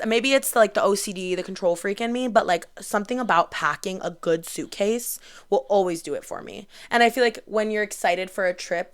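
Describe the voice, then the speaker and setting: Bubbly chatty young woman, smooth voice. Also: mid-range voice, a bit bright. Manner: chatty, bubbly, heavy use of "like". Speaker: podcast host. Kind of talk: casual solo podcast storytelling.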